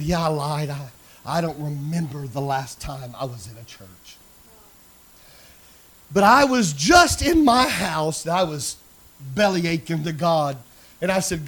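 A man with a high voice preaching a sermon in a church. He tells his story quietly, then rises to loud shouted preaching and calls out to the congregation. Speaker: pastor. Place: church sanctuary.

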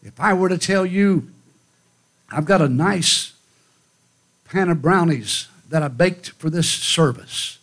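Fiery high-voiced male preacher. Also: slow, long pauses, fairly bright tone. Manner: fiery, emphatic, rhythmic repetition. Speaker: guest preacher. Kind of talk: revival sermon. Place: church conference hall.

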